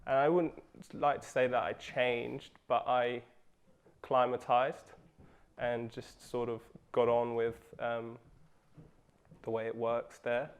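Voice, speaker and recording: A young man from England speaking in an interview, measured and thoughtful, pausing often as he recalls school years. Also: medium pitch, flat delivery, smooth. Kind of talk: reflective interview.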